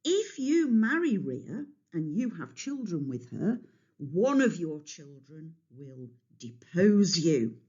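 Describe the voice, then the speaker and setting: A woman's voice: fairly low pitch, big pitch swings, slow, mellow, slightly rough, full character voice. A woman voicing an earnest male titan who delivers an urgent warning, on a dull lo-fi recording.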